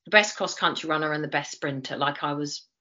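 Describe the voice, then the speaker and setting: A woman, telling her life story as an interview guest, animated and acting out quoted voices. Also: low voice, a little fast, highs cut off. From East London, England. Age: 40s. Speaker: interview guest, former Olympic athlete.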